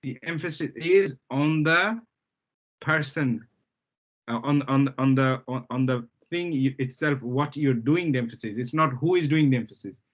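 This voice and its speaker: A man's voice: mid-range voice, moderate pace. A man teaching an Arabic lesson to students, explaining patiently, repeating key terms and often checking that they follow. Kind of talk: live language lesson. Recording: dull lo-fi sound.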